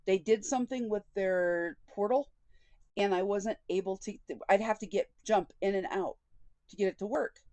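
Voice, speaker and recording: Speaking at a moderate pace in a medium, slightly mellow voice, a woman vlogger shares a personal story with candor and indignation, often quoting dialogue. The recording is dry.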